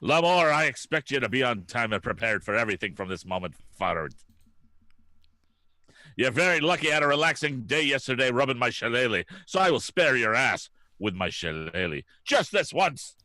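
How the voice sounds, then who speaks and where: A man's voice: medium pitch, sing-song, brisk, bright, forceful tone, no echo. A man voicing a foul-mouthed male drill sergeant who barks orders and hurls insults, in improvised game voice acting. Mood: gloating.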